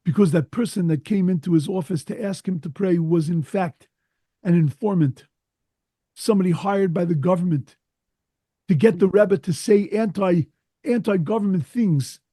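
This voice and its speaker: Male rabbi, sermon storyteller, husky, dry close sound, earnest and emphatic. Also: sits high, normal speed, mellow, dry recording.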